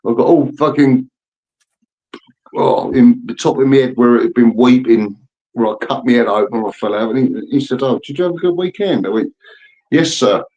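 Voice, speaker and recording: A man in his fifties swears freely as he rambles through old stories. His voice sits at an ordinary middle pitch, in easy, casual chat. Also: steady tone, moderate pace, a little mellow, lo-fi sound. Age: 50s. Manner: rambling, profane storytelling. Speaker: birthday guest telling stories.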